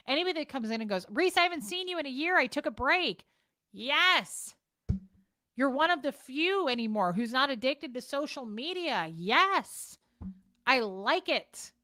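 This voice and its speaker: This woman speaks in a fairly high pitch with a sharp tone while hosting a casual livestream chat from home. Blunt, profane, and quick to shift, she addresses her viewers with no room sound behind her.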